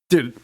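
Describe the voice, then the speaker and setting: Animated, swearing male podcast host. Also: no room sound, clean studio sound. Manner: animated, profane, laughs often. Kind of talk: casual storytelling chat.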